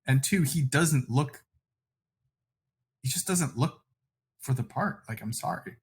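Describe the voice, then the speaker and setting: A man's voice: medium pitch, a little slow. Blunt man co-hosting a podcast. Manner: opinionated, blunt, apologetic asides. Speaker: podcast co-host. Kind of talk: casual chat.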